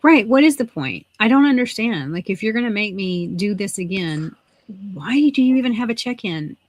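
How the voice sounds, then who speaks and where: A woman's voice: mid-range voice, moderate pace, no echo. Chatty woman, dry close sound. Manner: chatty and animated, laughs often. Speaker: livestream co-host. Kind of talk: casual chat while crafting.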